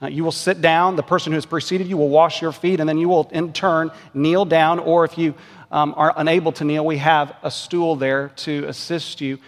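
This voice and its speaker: A man in his thirties preaching a sermon in a church, earnest and measured, pressing his point with emphatic rhetorical questions. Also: a little high, flat delivery. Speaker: pastor. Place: church sanctuary. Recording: long church reverb.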